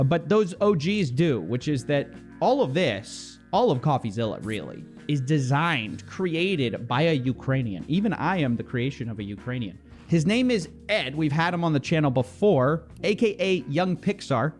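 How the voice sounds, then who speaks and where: Male commentator, ironic and deadpan, soft music bed behind the voice. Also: on the high side, normal speed. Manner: dry, mocking, ironic asides. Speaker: YouTube commentator. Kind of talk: scripted online commentary video.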